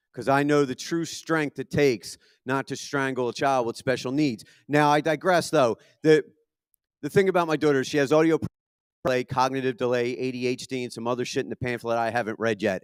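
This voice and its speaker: Profane Philadelphia stand-up comic, dry sound. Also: male voice, on the high side, no room sound. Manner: profane, self-deprecating, punchy delivery with lots of swearing. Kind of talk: stand-up comedy set. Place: comedy venue with a live audience.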